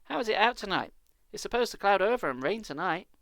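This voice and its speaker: A man voicing a busy, hurried middle-aged mother giving instructions. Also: sits high, very animated, fairly bright tone, dry recording, voice pushed up, heavily acted.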